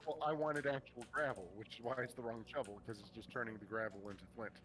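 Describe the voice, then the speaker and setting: A man in casual gameplay chat with friends, relaxed and rambling as he thinks aloud. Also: mid-range voice, quick pace, a little hiss or hum. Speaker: game streamer.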